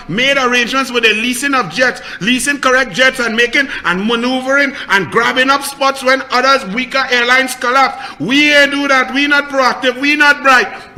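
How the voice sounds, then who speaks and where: A middle-aged Trinidadian man hosts a political commentary show, his voice pitched unusually high. His tone is sharp and bright as he scolds and mocks in a heated rant.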